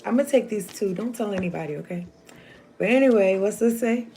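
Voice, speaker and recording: A woman's voice: medium pitch, brisk. A woman giving a casual, rambling tarot reading to her viewers, chatty and slangy. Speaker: tarot reader. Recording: noisy home recording.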